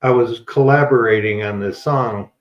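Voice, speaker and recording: A man's voice: medium pitch, moderate pace. A married man co-hosting a casual morning chat, blunt and folksy in how he talks. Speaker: co-host. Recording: roomy and slightly dull.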